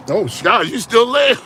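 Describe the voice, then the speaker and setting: Brief: bright, high-pitched male host, animated, laughs constantly, teasing callers. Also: slow, a little hiss or hum. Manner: joking, laughing a lot. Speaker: call-in show host. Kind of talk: casual phone call banter.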